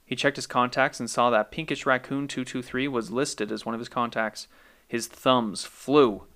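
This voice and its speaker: A man reads a scripted short story for his own podcast. His delivery is calm and measured, at a middling pitch. He sounds like a host settling listeners into a tale.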